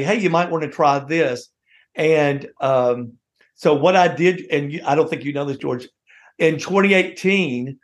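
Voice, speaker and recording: A man hosting a reminiscing conversation, telling stories in an animated way and laughing often. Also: a little high. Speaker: host.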